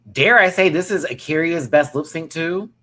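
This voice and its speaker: A man from the American South with a Southern accent, hosting a casual reaction review and talking in an animated, slangy way that is full of swearing. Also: on the high side, normal speed. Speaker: reaction show host.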